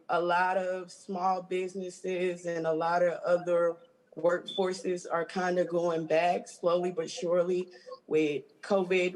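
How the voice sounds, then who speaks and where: A woman from Georgia, a union stage hand, speaking haltingly and emotionally on a video call. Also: fairly low pitch, low-quality recording. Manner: halting, emotional, with many restarts.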